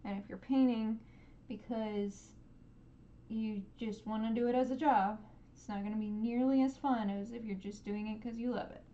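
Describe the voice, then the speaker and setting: Gentle, mellow-voiced woman teaching painting. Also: fairly high pitch, steady tone, normal speed, muffled recording. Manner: gentle, encouraging, voices playful sound effects while painting. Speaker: painting instructor streaming live. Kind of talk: live painting tutorial.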